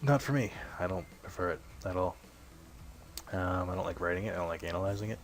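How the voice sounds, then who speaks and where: A young man casually commenting while playing a video game, rambling and self-deprecating, swearing now and then and often clearing his throat. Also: deep voice, fast talker, soft background music. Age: young adult. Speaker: let's play host.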